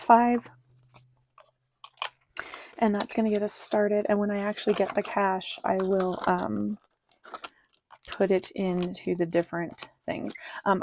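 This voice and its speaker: Brief: woman vlogger, warm dark tone, relaxed rambling budget chat, soft murmured counting. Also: mid-range voice, slight background noise. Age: adult with children. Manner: rambling with many ums, counting bills under her breath. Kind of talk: casual cash-stuffing walkthrough.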